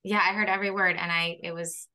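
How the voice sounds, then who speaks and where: A woman's voice: on the low side, little pitch movement, quick pace, sharp tone. A woman hosting a parenting podcast, speaking in an encouraging, upbeat way over a video call. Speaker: podcast host and parenting coach.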